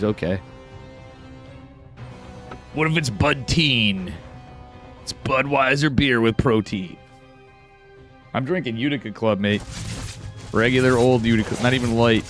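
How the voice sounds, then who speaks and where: Casting a strategy game live, this man speaks in a lowish voice with an upstate New York accent. His commentary is casual, with occasional swearing and sudden bursts of excitement.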